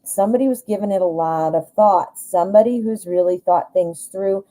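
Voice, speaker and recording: Chatty Midwestern woman with a mellow voice. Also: mid-range voice, moderate pace, low-quality recording. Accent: Midwestern American. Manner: chatty, rambling, enthusiastic, frequent restarts and fillers. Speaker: tarot reader, live show host. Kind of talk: casual live-stream tarot reading.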